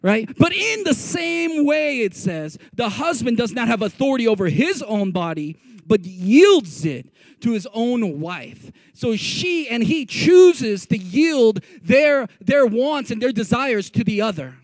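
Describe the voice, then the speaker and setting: A man preaching a sermon in a lively, conversational way, joking with his audience and prompting them to repeat phrases back to him. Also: very high voice, unhurried, dry recording. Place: meeting room with a live audience.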